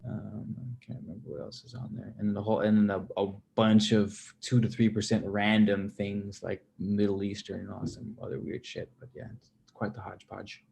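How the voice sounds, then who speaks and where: Livestreamer, male, low gravelly voice, loose and rambling as he answers chat. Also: moderate pace, a little hiss or hum. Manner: rambling, relaxed, with many fillers and restarts.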